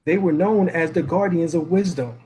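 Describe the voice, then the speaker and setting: High-voiced man lecturing from references. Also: normal speed, darkish tone, slight background noise, low-quality recording. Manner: emphatic, spells out letters, asks rhetorical questions. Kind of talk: reading and explaining references.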